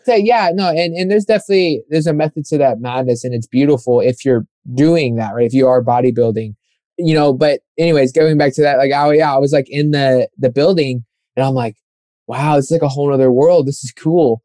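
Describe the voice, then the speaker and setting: A man's voice: medium pitch, fairly quick, dark tone, no room sound. A young man telling a running story in a casual, rambling chat, full of fillers and acted-out quotes. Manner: rambling, filler-heavy, acts out quoted voices.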